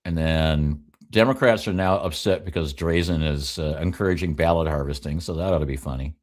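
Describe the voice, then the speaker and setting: Very deep-voiced wry male panelist. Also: a little fast. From Oregon. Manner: wry, joking, laughs often. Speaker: regular panelist. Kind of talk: casual panel talk.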